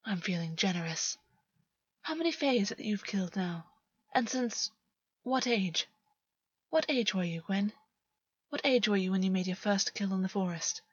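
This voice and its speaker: Woman doing a taunting fae man, soft and crooning, dull dry audio. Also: mid-range voice, lively intonation, normal speed, pauses often, breathy edge, no room sound. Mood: crooning menace.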